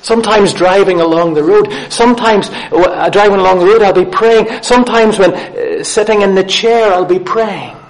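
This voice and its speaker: A man's voice: high-pitched, normal speed, few pauses. A man preaching a sermon in an earnest way, asking his listeners questions and repeating key phrases for emphasis.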